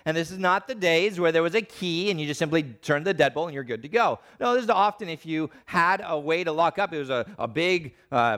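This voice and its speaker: A man preaching a sermon, animated, acting out the voices of the people he quotes. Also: on the high side.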